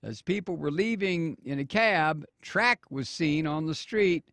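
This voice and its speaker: Slow, halting male radio host. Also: fairly high pitch, animated, gravelly, fairly bright tone, no room sound, clean studio sound. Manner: slow, halting reading with many fillers and sarcastic asides. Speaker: radio talk show host. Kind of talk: political talk radio commentary.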